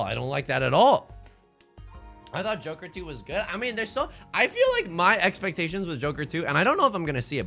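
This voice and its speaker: Animated man streaming mahjong. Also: on the high side. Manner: theatrical, swings between mock outrage and laughter. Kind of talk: live gameplay commentary to chat.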